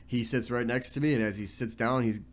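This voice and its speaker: A man's voice: medium pitch, steady tone, fairly quick. A young man co-hosting a casual chat, telling a story in a laid-back way, swearing casually. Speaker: podcast co-host.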